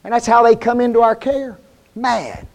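A man's voice: very high-pitched, normal speed, gravelly, darkish tone. A man preaching a sermon in a folksy, plain-spoken way, often putting rhetorical questions to the congregation.

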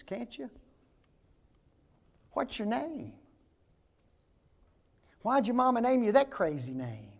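A man's voice: very high voice, a little mellow. An older man, preaching a folksy sermon and asking the congregation rhetorical questions.

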